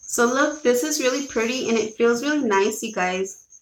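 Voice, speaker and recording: A woman's voice: a little high, moderate pace, reverberant, poor audio. A woman with children chatting casually to live viewers as she shows off a shopping haul, rambling and correcting herself as she goes. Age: adult with children. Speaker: vlogger showing a shopping haul.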